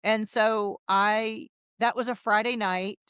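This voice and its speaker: A woman in her fifties, a guest on an interview podcast, who tells her stories in a lively way and acts out the dialogue. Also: mid-range voice, takes it slowly, clear, resonant tone, dry recording, studio quality. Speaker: podcast guest, health coach. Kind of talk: casual interview storytelling.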